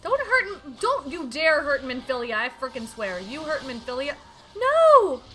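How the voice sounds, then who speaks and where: Excitable high-voiced woman streamer. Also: moderate pace, a little hiss or hum, rough recording. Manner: excitable, squealing exclamations; reads game dialogue aloud. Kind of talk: game reaction stream.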